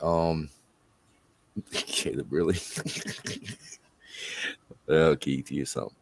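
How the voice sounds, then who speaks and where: Low, slow male stream host, laid-back and chuckling, dry close sound. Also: steady tone, dry recording. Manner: laid-back, laughs often. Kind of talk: casual chat.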